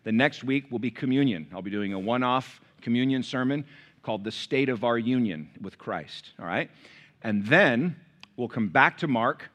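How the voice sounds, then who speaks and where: Middle-aged man, pastor, bright edge to the voice, story-driven sermon with asides to the congregation. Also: medium pitch, animated, normal speed.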